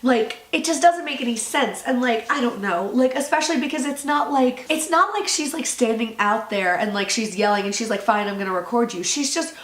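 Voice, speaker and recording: A woman's voice: on the high side, lively intonation, normal speed, few pauses, roomy sound. A young woman from North Carolina giving a chatty, incredulous commentary for her vlog, using "like" a lot. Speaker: YouTuber.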